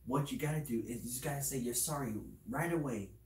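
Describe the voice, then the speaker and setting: A man's voice: medium pitch, fast talker, reverberant, rough recording. A man talking to camera in a casual vlog, handing out earnest life advice in a rambling, repetitive way, with many restarts. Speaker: video creator. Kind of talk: casual motivational talk to camera.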